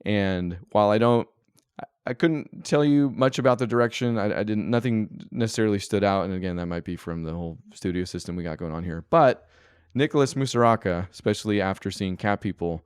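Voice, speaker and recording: A man's voice: on the low side, a little fast, clear, resonant tone, dry recording, studio quality. A man co-hosting a podcast, chatting casually and enthusiastically about a film, rambling a little with restarts. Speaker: podcast co-host.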